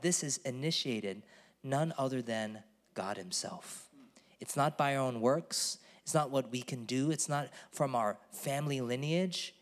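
A man's voice: mid-range voice, long reverb tail. A man pastor giving a conversational sermon in a church, earnest and emphatic, at times calling on the congregation to repeat a word.

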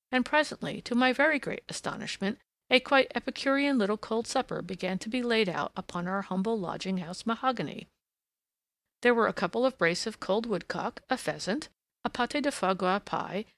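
A woman narrating a classic detective story for an audiobook, in a steady storytelling manner. Her voice has a gravelly texture and sounds close and dry. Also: mid-range voice, dry recording.

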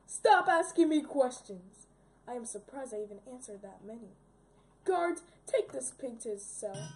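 A woman voicing a pompous male chicken king villain in a game, delivering slow, gloating taunts. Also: a little high, expressive, mellow, a little hiss or hum, poor audio.

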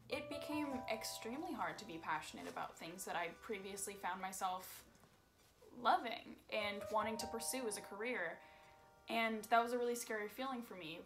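A young woman narrating her vlog in a candid, self-deprecating way about making a single. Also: mid-range voice. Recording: music playing underneath.

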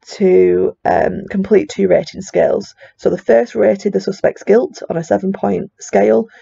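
A woman's voice: mid-range voice, little pitch movement, measured pace, vocal fry, mellow, slightly rough, highs cut off. A teacher, a woman with a broad Chorley accent, explains a research study in a chatty lecture with plenty of fillers. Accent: Chorley, Lancashire. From England.

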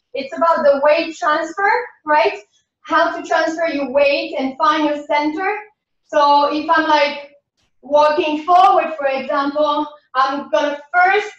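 A woman leading a dance class warm-up, giving calm, encouraging cues that sometimes turn sing-song. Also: sits high. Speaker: dance instructor. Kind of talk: guided warm-up class instruction. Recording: far-off echoey room, dull sound, music behind.

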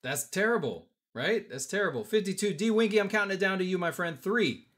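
A man's voice: high-pitched, animated, fairly quick, a bit bright, slight background noise. A man hosting a live-stream auction, joking with bidders and counting down bids. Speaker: auction host.

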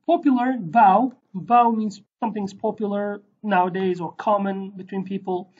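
A woman's voice: medium pitch, steady tone, normal speed, breathy edge, lo-fi sound. A woman teaching a casual online language lesson, chatty and digressive, with many fillers and self-corrections.

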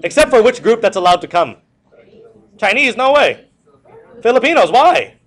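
Male history teacher, classroom lecture, high voice, lively swooping delivery, repeats points, jokey asides. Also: moderate pace. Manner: repetitive, animated, joking asides to students.

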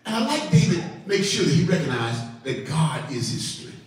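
A male pastor preaching a sermon in a church, animated, repeating words and calling on church members by name. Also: on the high side, moderate pace. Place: church sanctuary. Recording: echoey hall from far off, organ faint.

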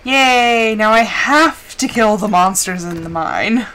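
A woman's voice: mid-range voice, lively intonation, takes it slowly, fairly bright tone, slight background noise. A woman streamer chatting casually while playing a game, rambling with lots of filler words. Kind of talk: casual gameplay chat.

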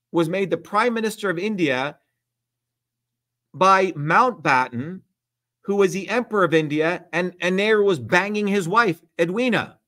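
A man's voice: high-pitched, fairly bright tone. A middle-aged man hosting a livestream, talking bluntly and emphatically with lots of profanity. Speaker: host. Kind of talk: heated livestream talk.

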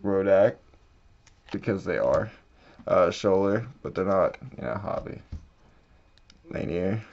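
A man with a lowish voice talks slowly through a card pack opening, murmuring each name as he flips, then shouting when a big card turns up. The sound is dull and low-fi. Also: animated, gravelly. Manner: reads card names off quietly, bursts out at big hits. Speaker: card-breaking channel host. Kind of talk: casual pack-opening commentary.

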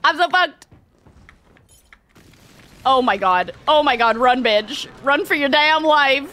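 Woman streamer, high lively bright voice, cursing, excitable, faint noise behind. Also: slow. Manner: excitable, cursing, laughing often. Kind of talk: live gameplay commentary.

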